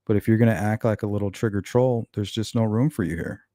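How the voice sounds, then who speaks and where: A man's voice: lowish voice, fast, warm tone, no room sound, studio quality. A man hosting a casual true-crime livestream, reading comments out and answering viewers in a blunt, sarcastic way. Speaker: true-crime channel host.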